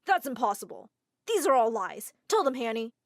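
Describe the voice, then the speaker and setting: A woman's voice: a little high, big pitch swings, moderate pace, no room sound, clean studio sound. A woman voicing a furious, controlling young groom who talks angrily and accusingly. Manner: angry and accusing.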